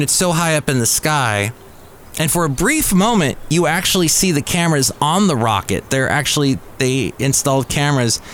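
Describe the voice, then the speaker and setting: Male podcast host, casual news chat, chatty storyteller, mid-pitched voice, faint cafe hum behind. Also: a bit bright.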